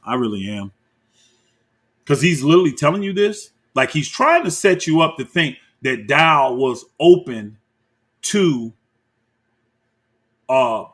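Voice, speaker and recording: A man giving heated, combative commentary, calling out people by name and talking straight to his viewers. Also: medium pitch. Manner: animated and combative, addresses viewers as y'all. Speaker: commentator reacting to clips.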